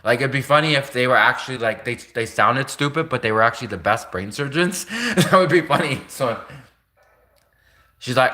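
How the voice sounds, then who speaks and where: A man's voice: medium pitch, expressive, a little fast, bright, forceful tone. A young man rambling through a casual livestream monologue, packing his talk with fillers and laughing often. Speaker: livestream host.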